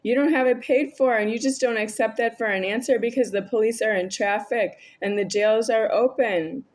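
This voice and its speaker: A woman's voice: fairly high pitch, moderate pace, darkish tone. A woman vlogging a rambling, argumentative monologue to camera, addressing an unseen listener.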